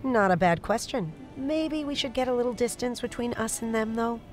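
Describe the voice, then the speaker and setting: A woman's voice: a little high, animated, moderate pace, darkish tone, soft background music, close to an everyday voice. An actress playing a dry, teasing woman keeping a secret affair. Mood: wry. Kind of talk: audio drama acting.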